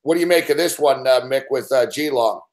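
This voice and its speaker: A man's voice: mid-range voice, a little fast. A man hosting a casual sports betting show, talking through picks in an easygoing way and reacting to live games. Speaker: show host.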